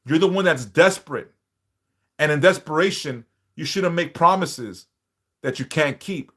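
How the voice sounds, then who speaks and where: A man's voice: a little high, a little slow, bright, forceful tone. Blunt, profane man lecturing a live audience. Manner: emphatic, repeats points with rhetorical questions. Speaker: live-stream host. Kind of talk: unscripted live-stream monologue.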